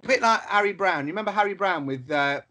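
A man co-hosting a podcast, chatting casually as an animated storyteller who swears freely and acts out the people in his stories. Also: sits high, quick pace. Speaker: podcast co-host. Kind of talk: casual chat.

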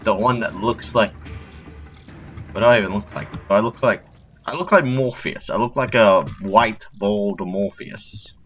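A man's voice: fairly low pitch, a little slow, a bit bright, dull audio, faint music behind. A man narrating his own play of a stealth game, joking, swearing and talking to himself as he goes. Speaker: gaming channel host. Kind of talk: let's play commentary.

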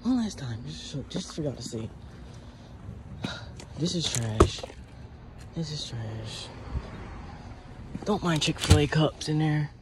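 A young man chatting straight to his viewers in a casual vlog, emotional and animated as he moves through a dorm and around a college campus. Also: a little high, slow pace, long pauses. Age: young adult. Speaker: vlogger. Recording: phone vlog with background noise.

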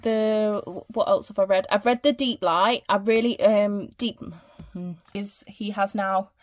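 A woman's voice: medium pitch, steady tone, a little slow. A woman giving a casual home library tour, out of breath and chatty, often stumbling over her words while holding the camera. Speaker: book vlogger. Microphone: handheld camera.

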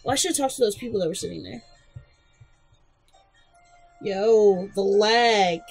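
A woman's voice: mid-range voice, unhurried, vocal fry, darkish tone, husky, faint music behind, rough recording. A woman giving casual, blunt gameplay commentary, joking and swearing freely. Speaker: let's play host.

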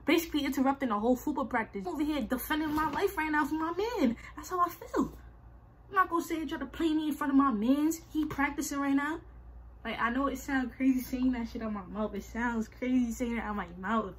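A young woman with a husky voice, telling a storytime vlog in slangy, animated casual talk and repeating herself. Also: sits high, fairly quick. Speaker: vlogger. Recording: faint music behind.

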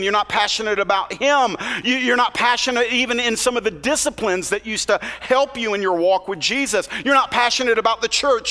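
A pastor preaches to his congregation in a bright, high-pitched voice, earnest and plain-spoken, slipping into casual asides. His sermon rings with the long reverb of a large church hall.

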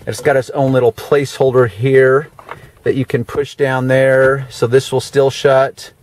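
A car detailer gives a casual handheld walkaround of a parked luxury car, moving in and around it. His medium-pitched voice is flat and unhurried, and he chats along with dry, sarcastic asides and plenty of fillers.

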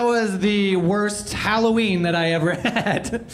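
A man from Canada, a stand-up comedian telling a story live on stage, animated, with his voice jumping up when he gets excited. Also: high-pitched, slow, background noise. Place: live comedy venue with audience.

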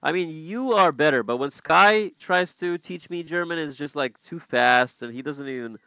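A man's voice: a little high, moderate pace, gravelly, pushed and bright, no echo, muffled recording. A man streaming a game, casually chatting and playfully repeating foreign words to practice them. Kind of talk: casual gaming live-stream chat.

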